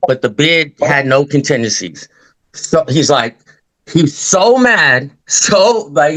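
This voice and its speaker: A man's voice: fairly high pitch, fairly bright tone, rough recording. A man, a new real estate agent, sharing a win on a group video call. He rambles and speaks in slang, acting out the people in his stories. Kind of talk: casual storytelling on a group call.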